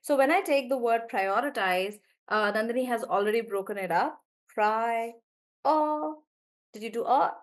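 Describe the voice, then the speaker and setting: A woman teaching a live online English class, warmly praising students and slowly drawing out words as she models how they sound. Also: a little high. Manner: encouraging, drawn-out words when modelling pronunciation.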